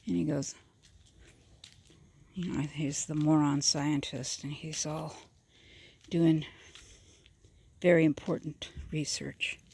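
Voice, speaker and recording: A woman's voice: low-pitched, level tone, takes it slowly, vocal fry, pauses often, warm tone, breathy edge. A woman telling long, meandering jokes, with fillers and chuckles along the way. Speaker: joke teller. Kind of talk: rambling joke telling.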